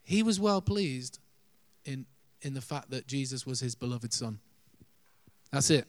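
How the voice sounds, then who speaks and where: A man's voice: mid-range voice, expressive, a little slow, no room sound. A man preaching a sermon, earnest, shifting his pace and volume for emphasis, with light laughs.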